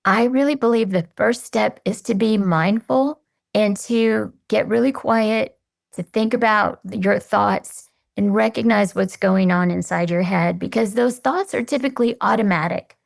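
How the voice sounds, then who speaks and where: A woman guest on a podcast, answering in an earnest, measured, reflective way. Her voice has strong vocal fry throughout and sits in a middle register. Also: medium pitch.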